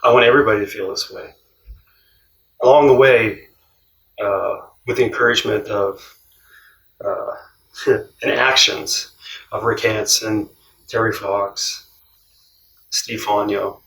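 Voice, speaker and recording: Man, animated storytelling, quotes in voices, distant mic, roomy echo. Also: on the low side, slow, pauses often. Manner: animated, laughs often, acts out quoted voices. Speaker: cross-country traveller. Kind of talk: casual storytelling.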